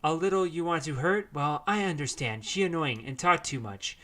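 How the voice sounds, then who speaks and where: A man voicing a gentle, wild young woman who speaks in broken, simple English. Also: on the high side, normal speed, pitched above the performer's own voice.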